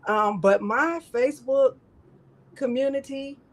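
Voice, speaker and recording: A woman's voice: high-pitched, a little slow, low-quality recording. A woman hosting a live crafting stream in casual chat, rambling and emotional, often repeating herself.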